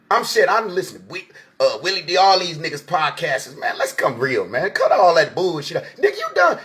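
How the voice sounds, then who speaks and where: A man in his late forties talks straight to his audience in a loose, streetwise monologue, swearing freely and preaching as he goes. His voice sits high for a man. He rambles and circles back, like a host holding forth on his own show. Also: a bit bright. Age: 40s. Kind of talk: casual monologue.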